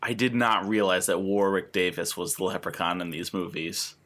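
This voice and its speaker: A man's voice: deep voice, normal speed, a bit bright. A man co-hosting a podcast, chatting casually and riffing with jokes. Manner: jokey, riffing. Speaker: podcast co-host. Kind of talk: casual chat.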